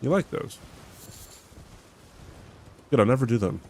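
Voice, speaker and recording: A man's voice: medium pitch, animated, slow, gravelly, darkish tone, slight background noise. A young man streaming a game, chatting to viewers in a rambling, self-mocking way and laughing often. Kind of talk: casual chat while gaming.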